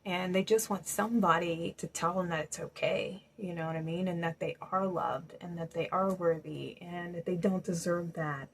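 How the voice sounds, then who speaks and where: Gentle reassuring woman giving a reading. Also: on the low side, steady tone, normal speed, few pauses, breathy edge, low-quality recording. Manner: gentle, reassuring, with many fillers like "you know". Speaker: spiritual card reader. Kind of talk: intuitive tarot-style reading to viewers.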